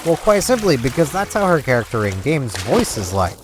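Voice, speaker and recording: A man's voice: medium pitch, very animated, brisk. A man vlogging while playing a game, rambling casually with many fillers. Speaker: gaming vlogger. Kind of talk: casual chat over gameplay. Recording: game music underneath. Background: game music.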